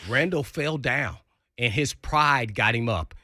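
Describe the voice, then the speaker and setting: Animated male radio storyteller. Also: measured pace, dry recording, clean studio sound. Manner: lively storyteller acting out quotes with big pitch jumps. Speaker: former NFL player telling a locker-room story. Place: radio studio.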